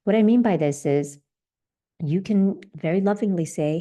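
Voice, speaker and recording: A woman's voice: lowish voice, moderate pace, warm tone. A middle-aged woman hosting a solo podcast as a leadership coach, talking earnestly and encouragingly with everyday examples.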